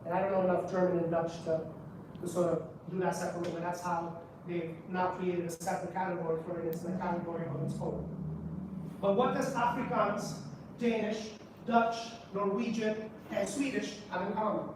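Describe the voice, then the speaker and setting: A man's voice: high-pitched, level tone, brisk. A man giving a conference presentation to a live audience, drawing listeners in with questions and repeated "right?" checks. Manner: engaging, quizzes the audience with rhetorical questions. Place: public library meeting room. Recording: echoey room, voice from a distance, background noise.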